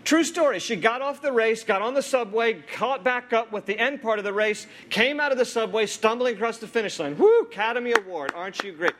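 A man preaching a sermon as pastor, expressive, moving between lively storytelling and hushed, earnest appeals to the church. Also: very high-pitched, brisk, few pauses, slight background noise.

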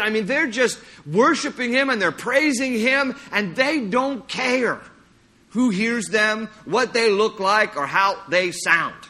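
A middle-aged man preaching a sermon in a church, lively and storytelling, acting out little scenes as he goes. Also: sits high. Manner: animated, acts out anecdotes with playful sung impressions. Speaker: pastor. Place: church sanctuary.

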